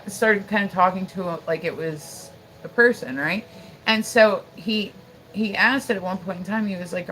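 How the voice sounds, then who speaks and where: A woman with a medium-pitched, slightly bright voice hosts a casual livestream, telling rambling stories heavy with fillers, especially "like" and "you know". The recording is low quality, with faint background noise.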